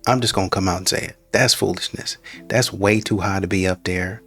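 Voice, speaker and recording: A man's voice: deep voice, fairly even intonation, a little fast, bright, forceful tone, husky, soft background music. A man hosting a reaction video, giving blunt, wry commentary on clips. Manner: blunt, wry, acts out both sides.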